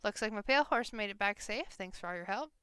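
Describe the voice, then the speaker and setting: A woman's voice: mid-range voice, lively intonation, fast talker, a bit bright, clear, resonant tone, close to an everyday voice. A woman voicing a friendly, folksy cowboy horse rancher.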